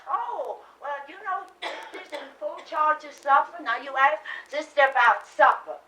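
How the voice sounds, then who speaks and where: A woman's voice: high-pitched, animated, unhurried, bright, forceful tone, full character voice. An actress playing a faded Southern belle mother who gushes and rambles with little laughs, in a Southern accent. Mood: gushing. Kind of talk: stage play scene. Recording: roomy stage sound from far off.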